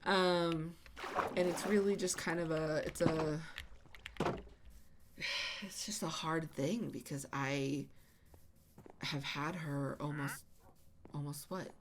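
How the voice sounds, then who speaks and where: Soft-spoken slow woman, halting. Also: sits low, fairly even intonation. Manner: halting, many fillers and restarts. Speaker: channel host. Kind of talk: casual chat while gaming. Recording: audible background noise.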